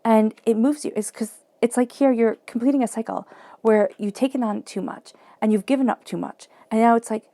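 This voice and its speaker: Woman, tarot reading, flowing and repetitive, dry close sound, warm low tone. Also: fast talker, no room sound. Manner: flowing, repetitive, encouraging, acts out quoted self-talk. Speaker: tarot reader.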